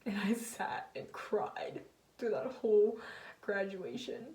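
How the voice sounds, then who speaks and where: A woman's voice: mid-range voice, expressive, slow, darkish tone. Teenage girl, candid and emotional, roomy sound. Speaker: vlogger. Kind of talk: personal storytelling vlog. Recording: roomy sound, mic at a distance.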